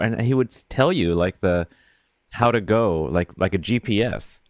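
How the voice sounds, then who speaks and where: A man co-hosting a podcast, telling stories in an animated, exasperated way, with frequent restarts and laughs. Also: on the low side, normal speed, dry recording, studio quality. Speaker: podcast co-host. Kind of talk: casual book discussion.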